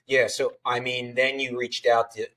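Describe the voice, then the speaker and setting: A man's voice: medium pitch, little pitch movement, moderate pace, sharp tone. A man hosting an interview, a supportive listener who sums up the guest's story for the audience. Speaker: podcast host. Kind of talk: casual interview.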